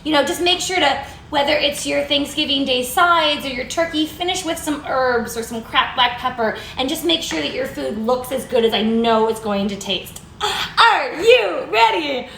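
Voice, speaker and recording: Woman, cooking show host, chatty, bubbly, high voice, roomy echo, faint background noise. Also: moderate pace, hardly any pauses, a bit bright. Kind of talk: live cooking demonstration.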